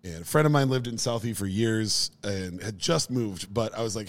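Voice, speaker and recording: A man's voice: lowish voice, a little fast, few pauses, big-room sound. A man co-hosting a podcast, telling stories casually with lots of energy, cursing and laughing along the way. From Minnesota. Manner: animated storyteller, swears casually, laughs often. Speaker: podcast co-host. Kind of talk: casual storytelling chat.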